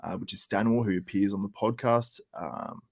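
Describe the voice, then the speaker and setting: A man's voice: on the low side, moderate pace, gravelly, a little mellow, dry recording. A man hosting a laid-back panel chat, with plenty of ums, running down a list of competitors. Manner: laid-back, lots of ums, laughs often. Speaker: podcast host.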